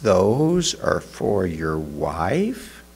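Male preacher doing a bitter grieving woman, low and slow, husky. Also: expressive, heavily acted. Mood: incredulous.

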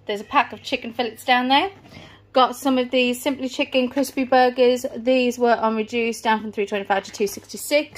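A woman, a mother, chatting casually through a grocery haul item by item, a little out of breath. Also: on the high side. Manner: chatty, rambling item-by-item listing. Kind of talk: casual vlog chat. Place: family home, indoors.

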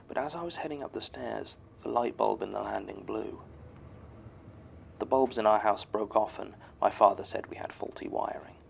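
A man playing an archivist who reads a written statement aloud in scripted horror narration, measured and somber. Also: lowish voice, vocal fry, highs cut off, a little hiss or hum.

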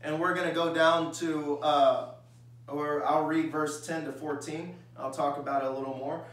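A man's voice: fairly high pitch, little pitch movement, moderate pace, fairly bright tone. A male pastor preaching a sermon, reading scripture aloud and acting out everyday voices in a conversational way. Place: church sanctuary. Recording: echoey church hall, mic far off.

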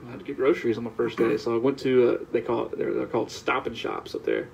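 A man from the American South, a guest on a podcast, telling animated stories in casual chat. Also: mid-range voice, fast, vocal fry, a little hiss or hum. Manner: animated storyteller, laughs while telling anecdotes. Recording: slightly dull, lo-fi sound.

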